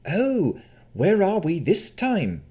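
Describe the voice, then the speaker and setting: A man's voice: high-pitched, takes it slowly, pitched above the performer's own voice, full character voice. A man voicing a cheerful, playful male winter fae prince in an audiobook. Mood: playful, bossy. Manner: animated and theatrical. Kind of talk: audiobook character voice.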